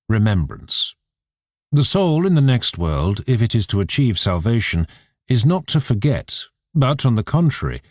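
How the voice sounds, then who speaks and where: A man reading a philosophy book aloud in a measured, expressive way. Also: on the low side, no echo, studio quality. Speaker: audiobook reader. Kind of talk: scripted narration.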